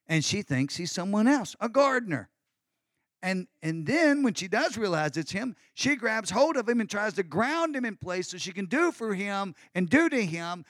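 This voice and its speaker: A middle-aged male pastor preaching an Easter sermon in a lively, conversational way with folksy asides. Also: high voice, dry recording, studio quality.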